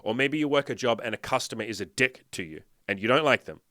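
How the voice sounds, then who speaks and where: A man talks straight to his viewers in a blunt, swearing, emphatic way and keeps hitting them with rhetorical questions. His pitch sits in an ordinary middle range for a man. The recording is dry, with almost no room sound. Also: lively intonation, quick pace, bright, forceful tone, no echo. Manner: blunt, profane, emphatic lecturing. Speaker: dating and fitness coach. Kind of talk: direct-to-camera motivational talk.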